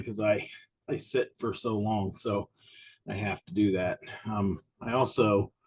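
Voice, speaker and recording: A man's voice: lowish voice, slightly rough, poor audio. A middle-aged man, a little winded, teaching an insurance exam class on a livestream in a chatty, rambling, self-deprecating way at his desk mic.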